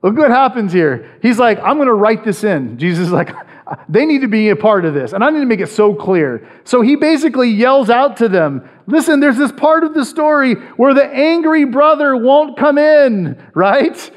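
Animated high-voiced male preacher. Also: moderate pace. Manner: animated preaching, swings between loud emphasis and low asides, frequent "right?". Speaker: pastor. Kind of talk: sermon.

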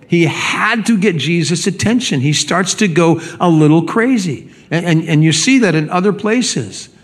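A man's voice: on the high side, animated, moderate pace. A man preaching a sermon as pastor, speaking emphatically and often repeating words as he builds a point.

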